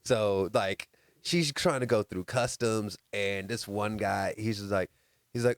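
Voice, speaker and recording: A man co-hosting a casual podcast, animated and quick to laugh as he tells stories. His voice sits at a middle pitch. He is recorded in a dry, close setting. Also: no echo. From United States. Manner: laughs often, animated storytelling. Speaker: podcast co-host. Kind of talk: casual chat.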